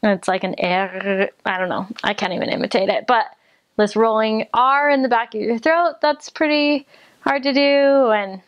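A young woman from the United States chats about her time abroad in a slightly high voice. She is giggly and loose, filling pauses with fillers as she goes. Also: dull audio. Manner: chatty, giggly, many fillers. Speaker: returned missionary. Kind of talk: casual chat.

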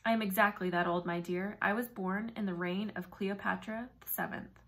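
A woman reading a storybook aloud and voicing an ancient, frail old male magician who speaks calmly and formally. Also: medium pitch, normal speed, lightly acted.

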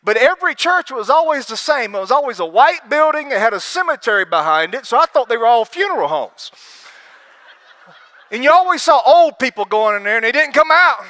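A man's voice: extremely high pitch, a little fast. A man from Alabama, telling his testimony as a preacher at a conference, acting out voices and laughing as he goes. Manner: animated storytelling, acts out quoted voices, laughs often. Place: conference hall with live audience.

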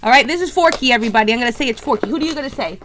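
A woman hosting a toy unboxing video, chatty and excitable, talking straight to her viewers. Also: fairly high pitch, very fast, a little hiss or hum. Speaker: toy unboxing channel host. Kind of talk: casual unboxing chat.

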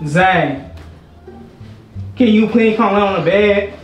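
A young man pranking his girlfriend, talking in an exaggerated sassy feminine voice and pleading in drawn-out phrases. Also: sits high, recorded from a distance, dull audio. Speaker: prank vlogger. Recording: roomy room, off-mic, music behind.

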